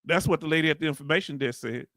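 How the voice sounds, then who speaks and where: Reacting to a hearing on his YouTube stream, this middle-aged man from the United States chats casually through viewer comments, cracking jokes and addressing his audience as family. He talks rapid-fire in a fairly bright voice on the high side, with no echo and studio-quality audio.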